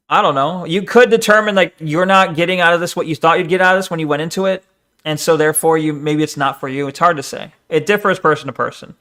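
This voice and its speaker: A man talks off the cuff on a live stream, pausing and restarting as he reacts to a clip. His voice sits a bit high for a man, and the delivery is loose, chatty commentary. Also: bright, forceful tone. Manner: rambling, talks over the video, frequent fillers.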